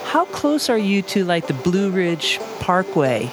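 A man's voice: high-pitched, very animated, measured pace, over music. A man hosting a podcast, talking in an upbeat, chatty, rambling way while introducing a guest. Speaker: podcast host.

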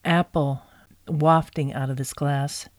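Unhurried man savoring tasting notes. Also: fairly high pitch, fairly even intonation, no echo. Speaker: podcast host tasting cider. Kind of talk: casual tasting chat.

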